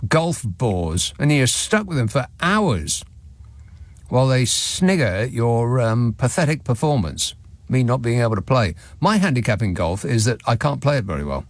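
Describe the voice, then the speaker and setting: A man's voice: medium pitch, very animated, normal speed, dry recording. A man hosting a radio show, reading out listener messages with dry, sardonic asides from a studio microphone. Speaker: radio talk show host.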